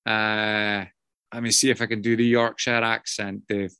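A man sharing a personal story with a group in a rambling, self-mocking way, swearing often and filling pauses with ums. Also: lowish voice, little pitch movement, sharp tone, clean tone, no echo, clean studio sound. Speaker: guest speaker sharing his story. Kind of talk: casual personal share to a group.

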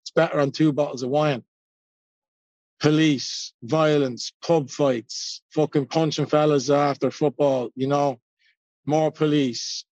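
A man's voice: on the high side, steady tone, slow pace, darkish tone, no echo, lo-fi sound. Blunt Irish man, swearing, self-mocking. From Ireland. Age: 40s. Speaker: recovery meeting speaker. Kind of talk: personal share at a recovery meeting.

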